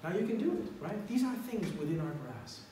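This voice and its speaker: A man preaching a sermon as pastor, swinging between loud exhortation and quiet, prayerful lines. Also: high voice, lively intonation, a little fast, a little hiss or hum. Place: church sanctuary. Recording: echoey hall, mic from far off.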